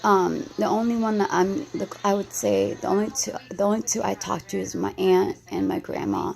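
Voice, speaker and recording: A woman's voice: mid-range voice, expressive, normal speed, vocal fry, a little mellow. Anxious rambling woman in her thirties. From United States. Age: 30s. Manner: rambling, restarts often, anxious. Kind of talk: emotional vlog response.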